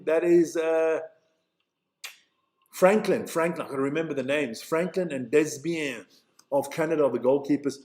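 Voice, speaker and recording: Man from Switzerland, live play-by-play, chatty and excitable, high voice, echoey room. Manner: chatty, excitable, stumbles over names. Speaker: live-stream commentator. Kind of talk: casual live play-by-play commentary.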